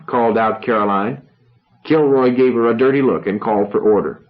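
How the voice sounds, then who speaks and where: A man reading a novel aloud in a measured, even storytelling manner. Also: fairly low pitch. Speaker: audiobook reader. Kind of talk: scripted narration. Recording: dull lo-fi recording.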